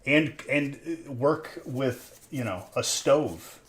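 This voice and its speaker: A man's voice: medium pitch, lively intonation, extremely slow, fairly bright tone, a little hiss or hum. A young man hosting a live stream where he opens trading card packs, rambling in casual chat and teasing his viewers. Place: alone in a room.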